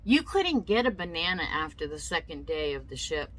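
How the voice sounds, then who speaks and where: A woman's voice: deep voice, sing-song, moderate pace, a bit bright, rough recording. A woman telling a personal story in a casual vlog, emotional and indignant, often repeating herself. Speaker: vlogger.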